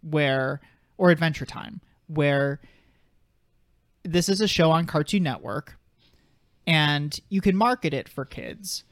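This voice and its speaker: A man's voice: on the high side, slow pace, pauses often, no echo, studio quality. A man in his twenties co-hosting a podcast in casual chat, rambling with lots of fillers and side tracks. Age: 20s. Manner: rambling, filler-heavy and sidetracked. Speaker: podcast co-host.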